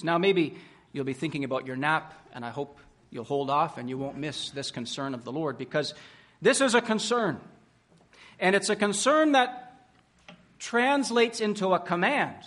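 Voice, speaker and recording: A man preaching a sermon at a conference, building up emphatically with slowed, stressed words and rhetorical questions. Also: high-pitched, a bit bright. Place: conference hall.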